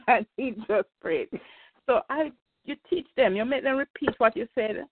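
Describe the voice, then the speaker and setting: A woman's voice: sits high, normal speed, slight background noise. An older woman, a grandmother, earnestly telling a faith story on a community call. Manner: earnest, emphatic testimony. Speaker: call participant sharing testimony. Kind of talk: casual storytelling. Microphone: phone or call line. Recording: tinny phone line.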